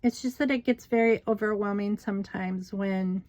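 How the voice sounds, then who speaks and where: Middle-aged woman, casual craft vlogger, rambling chatty storyteller, mid-pitched. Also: steady tone, normal speed, darkish tone, poor audio. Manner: rambling storytelling with many fillers. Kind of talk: casual chat while journaling.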